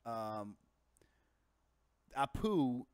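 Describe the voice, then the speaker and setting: A man's voice: medium pitch, very animated, very slow, darkish tone, clear, resonant tone, no echo, studio quality. A man co-hosting a casual live stream, riffing and playing at being indignant. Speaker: co-host.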